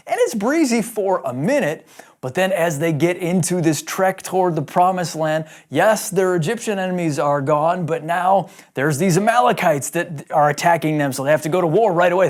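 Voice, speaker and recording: Man, pastor, sermon, animated storytelling, acts out dialogue, slightly high voice.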